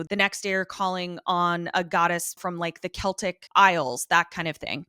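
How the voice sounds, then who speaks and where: A woman co-hosts a rewatch podcast, talking casually with plenty of ums and likes. Her voice sits a little low yet sounds bright and forceful, recorded dry and close. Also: clean tone, no room sound. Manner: chatty, with frequent fillers. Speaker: podcast co-host. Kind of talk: casual chat.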